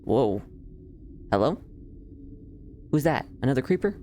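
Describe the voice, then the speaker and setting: A streamer giving quick, joking asides during a game playthrough. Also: mid-range voice, big pitch swings, warm tone, slight background noise.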